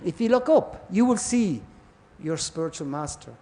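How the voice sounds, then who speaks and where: Man, high voice, lecturing on scripture and acting out parable voices in a lively way. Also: moderate pace. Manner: storytelling, acts out voices in parables. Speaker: class speaker. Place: temple hall.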